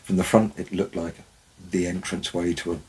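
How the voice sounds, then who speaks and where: A man's voice: low voice, little pitch movement, a little fast, a little mellow, breathy edge, low-quality recording. A man, a former forest warden, tells wry anecdotes in a dry, storytelling way. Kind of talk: storytelling narration.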